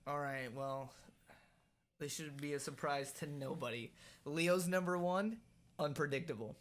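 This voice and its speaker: A young man co-hosting a casual podcast, talking in a relaxed, earnest way with lots of filler words. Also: fairly high pitch, a little slow. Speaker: podcast co-host. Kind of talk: casual chat.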